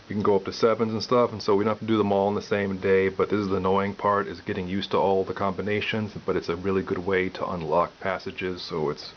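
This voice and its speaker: A man giving a piano lesson, calmly explaining step by step and counting aloud. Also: low voice. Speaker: piano teacher. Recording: dull lo-fi audio with loud piano.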